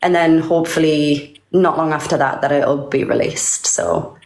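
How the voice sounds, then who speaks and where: A woman's voice: deep voice, steady tone, normal speed, a little mellow. A woman in her thirties, a singer being interviewed, chatting casually with a bubbly, giggly manner. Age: 30s. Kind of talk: casual live-stream chat. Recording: echoey room.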